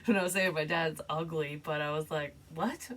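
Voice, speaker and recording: A woman's voice: low-pitched, steady tone, fairly quick, far from the mic, poor audio. A middle-aged woman giving a casual tarot reading, rambling and frank and swearing freely. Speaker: psychic tarot reader.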